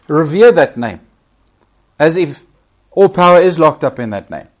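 A man's voice: fairly high pitch, expressive, unhurried. A man preaching a sermon, emphatic, repeating key phrases and rising sharply when he quotes scripture.

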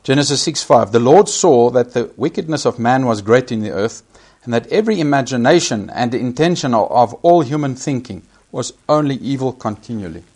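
A man's voice: mid-range voice, animated, a little fast, a little mellow, breathy edge. A man preaching a sermon, emphatic, repeating key phrases and rising sharply when he quotes scripture.

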